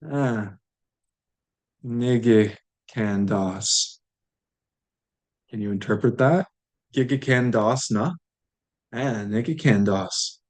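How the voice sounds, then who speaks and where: A man's voice: medium pitch, slow. A man teaching a language lesson, saying each word aloud and repeating it patiently for learners.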